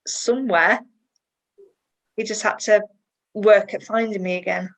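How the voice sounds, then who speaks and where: A woman, a guest in a personal interview, chatty and emotional and quick to laugh. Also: mid-range voice, steady tone, poor audio.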